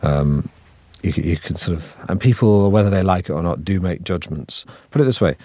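Low-voiced northern English man, chatty. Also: moderate pace, warm tone, dry recording. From Manchester, England. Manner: chatty, rambling, self-mocking. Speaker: actor guest. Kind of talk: radio interview.

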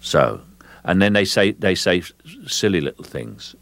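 An older man from England, interviewed as an actor on the radio, speaks in a very deep voice. He is slow and measured, often repeating words as he gathers his thoughts. The sound is dry and close. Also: animated, vocal fry, fairly bright tone, no echo.

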